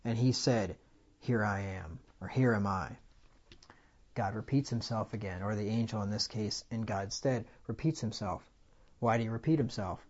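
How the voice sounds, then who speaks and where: A man's voice: fairly low pitch, moderate pace, highs cut off. A man preaching a sermon in a conversational way, paraphrasing scripture in everyday speech and raising his voice for dramatic lines. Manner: conversational, loud swells when quoting scripture. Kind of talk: expository sermon.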